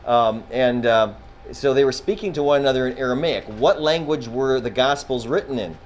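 Male Bible teacher, mid-pitched and conversational, quizzing a class, lots of restarts, faint background noise. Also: moderate pace, low-quality recording. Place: classroom with students.

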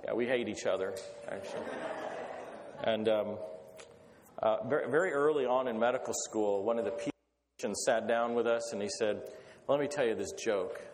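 A man's voice: mid-range voice, moderate pace, pauses often, darkish tone. A man opening with a prayer and telling stories in an earnest, rambling way, stopping and starting often. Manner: earnest, rambling, with hesitant restarts. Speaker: guest speaker. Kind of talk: sermon with prayer and anecdotes. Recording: echoey hall, faint background noise.

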